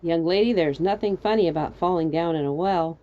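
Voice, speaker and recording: A woman voicing a gruff, stout older male cook who lectures the narrator, read in a storybook reading. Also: on the low side, fairly quick, highs cut off, natural voice. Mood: stern.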